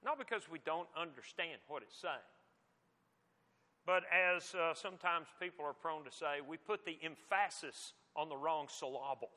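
A man's voice: fairly high pitch, moderate pace, bright, forceful tone. A man preaching a sermon in a conversational, emphatic teaching manner. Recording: long hall reverb.

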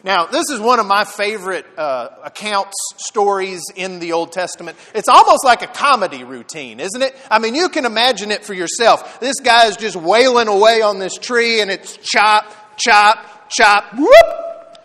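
Man, pastor, sermon, expressive storytelling, high voice, swooping pitch. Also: moderate pace, hardly any pauses, in a large hall. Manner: animated storytelling preacher with dramatic emphasis.

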